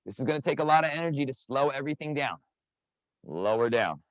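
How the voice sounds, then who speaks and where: An energetic man coaching a live online workout class over a video call, counting down reps and calling out participants by name. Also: mid-range voice, quick pace, no echo, rough recording. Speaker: fitness instructor.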